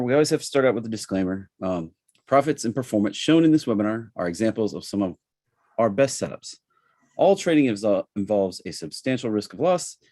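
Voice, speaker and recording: A man with a Southern accent hosting a live trading webinar, talking in a relaxed, chatty way with plenty of fillers. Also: on the low side, no echo, studio quality. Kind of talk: casual live webinar presentation.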